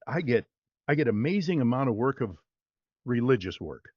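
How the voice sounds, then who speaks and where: A voice-over artist talking casually in an interview, upbeat and rambling with plenty of fillers. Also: male voice, medium pitch, sing-song, normal speed, husky, dry recording, muffled recording.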